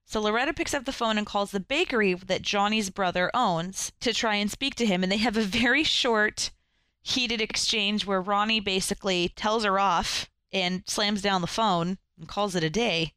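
A woman co-hosting a casual film discussion podcast, retelling the plot in an animated way. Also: medium pitch, moderate pace, clean tone, no echo. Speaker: podcast co-host.

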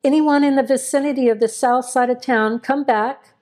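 A woman reading an audio horror story, voicing a calm, matter-of-fact female police dispatcher. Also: sits high, moderate pace, pitched above the performer's own voice, lightly acted. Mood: brisk.

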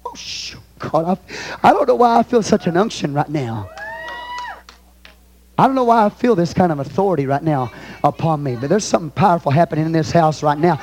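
A pastor with a Texan accent preaching a fervent sermon in a church, reading scripture aloud and swinging between booming and hushed delivery. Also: male voice, lively intonation, fairly quick, a little hiss or hum. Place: church sanctuary.

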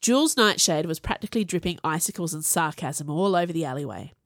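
A woman narrating a first-person fantasy audiobook in a wry, conversational, expressive way. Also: sits low, fast, no room sound, clean studio sound.

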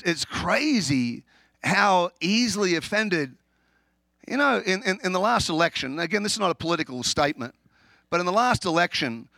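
A man with an Australian accent preaching a humorous sermon, animated and laughing often, restarting his words as he tells stories. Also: sits high, dry recording. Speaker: pastor.

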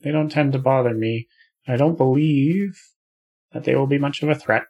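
A man's voice: mid-range voice, normal speed, a little mellow, breathy edge, lo-fi sound. A man playing in a tabletop game, talking casually and joking. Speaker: player.

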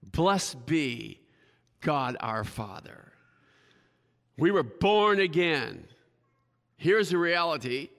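A man with a fairly high voice preaches to his congregation, chatty and self-deprecating, tossing in "right?" as he goes. His voice rings with a long reverb from a church sanctuary. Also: big pitch swings, extremely slow, vocal fry, pauses often, a bit bright. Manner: conversational, keeps asking the congregation "right?". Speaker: pastor. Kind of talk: sermon.

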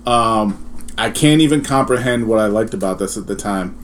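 A man co-hosting a podcast, speaking bluntly with deadpan insults. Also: fairly low pitch, moderate pace, a little hiss or hum. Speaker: podcast co-host. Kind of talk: casual chat.

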